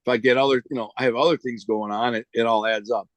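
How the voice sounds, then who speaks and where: Brief: man, street slang storyteller, medium pitch, dry close sound. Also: steady tone, quick pace, no room sound. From United States. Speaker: interview guest. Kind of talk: casual storytelling.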